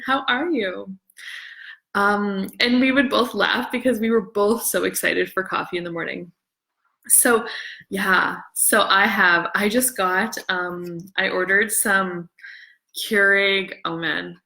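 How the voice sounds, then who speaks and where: Middle-aged Canadian woman, livestream host; bright, excitable, rambling casual chat. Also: medium pitch. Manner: chatty, rambling, excitable, greets viewers.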